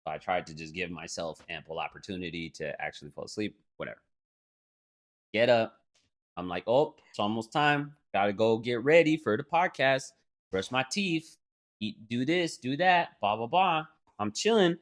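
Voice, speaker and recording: A man's voice: fairly low pitch, normal speed. A young man co-hosting a podcast, telling a story in casual chat, swearing a lot and mimicking others. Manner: profane, animated storytelling with mock voices. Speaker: podcast co-host.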